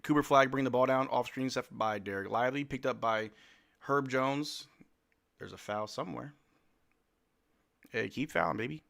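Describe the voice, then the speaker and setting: A man hosting a live game watch-along, calling the plays in casual slang and shouting at the players. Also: mid-range voice, gravelly. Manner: animated, slangy, yells at players. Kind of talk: excited play-by-play fan commentary.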